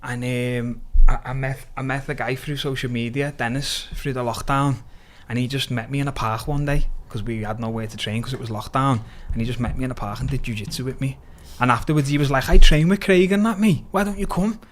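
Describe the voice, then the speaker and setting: Blunt, animated Scouse man in his thirties. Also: mid-range voice, a little fast, few pauses. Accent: Liverpool (Scouse). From Liverpool, England. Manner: blunt and animated, swears freely, tags lines with "lad". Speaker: guest, mixed martial arts fighter. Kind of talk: casual podcast chat.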